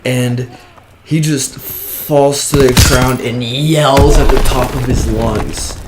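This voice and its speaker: A man's voice: mid-range voice, slow pace. A young man telling a story in a casual, rambling way, filling it with "like" and "whatever.". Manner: rambling, drops "like" and "whatever" everywhere. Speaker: vlogger. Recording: steady background noise.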